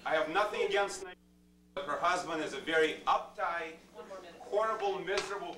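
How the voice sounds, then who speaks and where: A man's voice: high voice, normal speed, a crowd in the background. A man speaking at a public board meeting, ranting angrily with insults and demands. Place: meeting room, indoors. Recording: echoey room from far off, faint noise.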